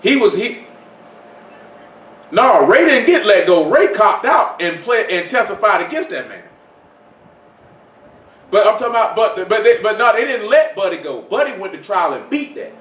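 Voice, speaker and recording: A man's voice: sits high, very animated, normal speed, pauses often, a bit bright. A man preaching an informal sermon, talking conversationally with many rhetorical questions and repeated phrases. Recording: echoey room, mic far off.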